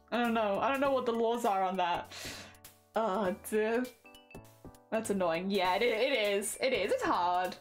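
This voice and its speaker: A young British woman with a voice on the high side streams while she crafts. She chats casually and self-deprecatingly with her viewers, often sighing "oh dear".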